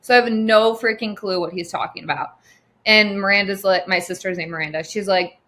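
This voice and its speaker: A woman's voice: medium pitch, steady tone, fairly quick, pushed and bright. A woman recounting her own experience as a patient in casual, chatty storytelling, full of quoted dialogue and frequent fillers.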